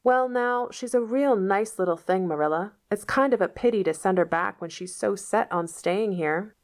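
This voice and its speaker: A woman's voice: medium pitch, moderate pace, voice pushed up, lightly acted. A woman reading the part of a shy, kindly older farmer man who speaks hesitantly and reluctantly.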